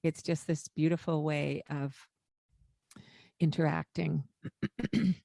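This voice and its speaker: Older woman, co-host, lower-pitched voice, unhurried and reflective, dry close sound. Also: fairly even intonation, creaky, dry recording. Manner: gentle and reflective, with hesitant fillers. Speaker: podcast co-host. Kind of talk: casual conversation.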